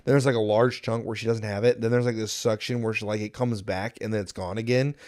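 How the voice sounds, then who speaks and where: A man co-hosting a film review podcast in casual chat, relaxed and rambling loosely. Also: lowish voice, fast talker.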